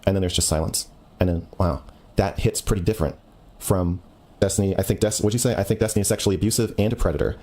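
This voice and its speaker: A man debating a caller on a stream, talking bluntly and cutting in often. His voice sits very low. He speaks at a rapid-fire clip. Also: dark tone. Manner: blunt, lecturing, interrupts. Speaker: streamer taking a call. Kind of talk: heated debate on a call.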